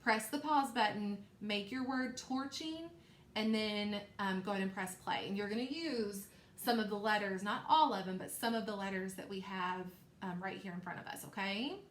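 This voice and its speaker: At a medium pitch, a woman teacher leads a recorded phonics lesson for young children. She goes slowly and encouragingly, repeating sounds so the kids can echo them back.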